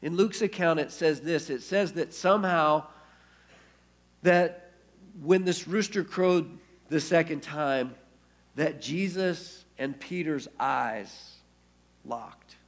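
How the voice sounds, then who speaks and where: A man's voice: a little high, takes it slowly, long pauses. A man preaching a sermon as pastor, telling the story and acting out the quoted speech. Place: church.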